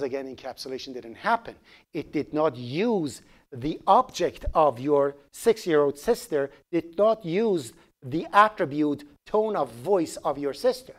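A man with a Persian accent lecturing a classroom on programming. He jumps up and down in pitch as he jokes and quizzes his students, with a lively, conversational delivery. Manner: animated, joking, asks the class questions. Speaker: programming instructor.

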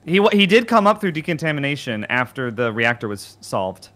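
A man's voice: medium pitch, very animated, fairly quick, sharp tone. A man in a group game questioning the others and reasoning through the clues.

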